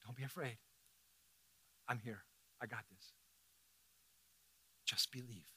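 A man preaching, voicing a gentle, calming Jesus in a soft, hushed, low voice. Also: husky, heavily acted, low-quality recording. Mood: tender. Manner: soft, hushed, slow, tender. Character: calm reassuring Jesus, gentle and steady. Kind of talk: sermon.

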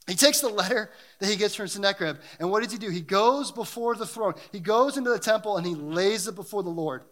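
A man's voice: sits high, animated, quick pace, a bit bright. A man preaching a sermon and reading scripture, talking in an earnest, emphatic way that builds in intensity.

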